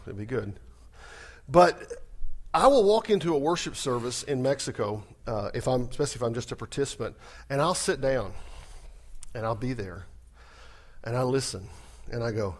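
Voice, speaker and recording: A man preaching a sermon, animated and humorous, talking fast. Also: medium pitch. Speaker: pastor.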